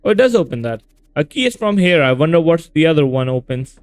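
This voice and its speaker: A man's voice: a little high, big pitch swings, quick pace, clear, resonant tone. A man casually talking to himself and his viewers as he plays a horror game, reacting aloud to what he finds. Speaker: gameplay video host.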